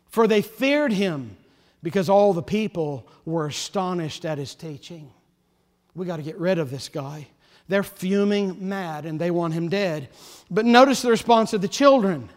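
Preaching man, high voice, long reverb. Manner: passionate preaching, swelling loud then dropping soft. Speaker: pastor. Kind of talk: sermon.

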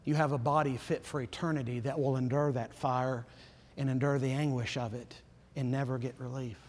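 A man preaching a sermon as pastor, earnest and insistent, often dropping to a low, solemn emphasis. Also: steady tone, fairly quick, darkish tone, big-room sound, a little hiss or hum.

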